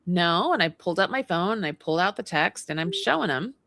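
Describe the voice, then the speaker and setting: A woman's voice: lowish voice, expressive, fast talker, pushed and bright, no room sound. A woman co-hosting a casual livestream chat, animatedly telling a story and acting out both sides of it. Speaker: co-host. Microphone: livestream mic.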